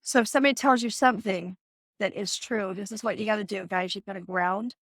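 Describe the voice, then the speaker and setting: A woman's voice: medium pitch, fairly quick, no room sound, clean studio sound. A middle-aged woman hosting a live self-help talk, earnest and coaching, acting out example conversations in her own voice. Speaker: host.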